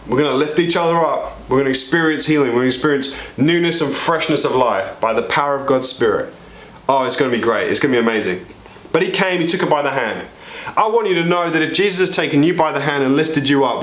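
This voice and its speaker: A pastor delivers an energetic, joking sermon to his church, his pitch swinging widely as he appeals for volunteers. The sound is roomy.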